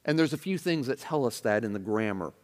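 A man preaching a sermon with expressive emphasis, acting out the attitudes he quotes and adding chatty asides to his listeners. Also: mid-range voice, fairly quick, long reverb tail. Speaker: pastor.

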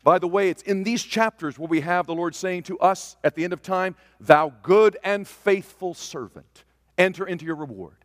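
High-voiced preacher with dramatic swings. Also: male voice, a little fast, hardly any pauses, clean studio sound. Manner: dramatic, swinging from loud declarations to hushed asides. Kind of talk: sermon. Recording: long reverb of a large hall.

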